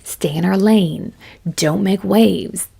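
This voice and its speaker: Woman in her forties, gravelly voice, chatty motivational coaching talk, self-deprecating. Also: medium pitch, slow pace, dark tone. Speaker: business coach. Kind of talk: casual motivational talk to camera.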